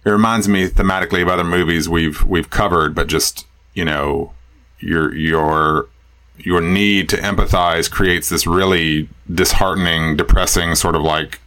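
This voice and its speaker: Deep-voiced man co-hosting a film podcast. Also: moderate pace. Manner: animated, laughing, lots of restarts. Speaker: podcast co-host. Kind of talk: casual film discussion.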